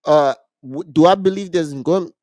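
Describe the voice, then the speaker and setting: A man co-hosting a casual podcast, retelling a movie plot in an animated way, with frequent restarts. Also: fairly high pitch, moderate pace, dry recording. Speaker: podcast co-host.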